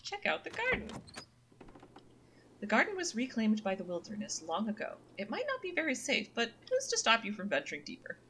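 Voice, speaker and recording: A woman's voice: a little high, wildly swooping pitch, a little fast, fairly bright tone, a little hiss or hum. A young woman streaming a story game, chatting casually and reading the game's narration aloud. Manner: chatty, reads narration in second person, fillers like um and uh. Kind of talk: casual let's-play commentary and reading game text aloud.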